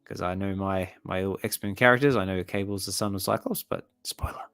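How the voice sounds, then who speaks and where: A man hosting a relaxed comic reading, chatty and curious, who thinks aloud and stumbles over names as he reads. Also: low voice, a little fast, clear, resonant tone, no echo, clean studio sound, faint music behind. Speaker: comic reading channel host.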